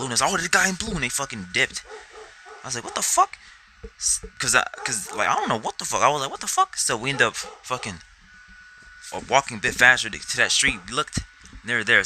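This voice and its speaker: A man's voice: mid-range voice, sharp tone, a little hiss or hum, low-quality recording. A young man telling a rambling personal story to camera, swearing constantly and acting out his own reactions. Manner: rambling, heavy swearing, acts out quotes. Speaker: vlogger.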